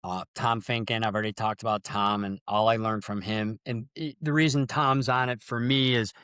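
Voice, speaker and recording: A man's voice: on the low side, fairly even intonation, moderate pace, a bit bright, smooth, no echo, studio quality. A middle-aged man, a sports official, telling earnest and emotional stories in an interview. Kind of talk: storytelling interview.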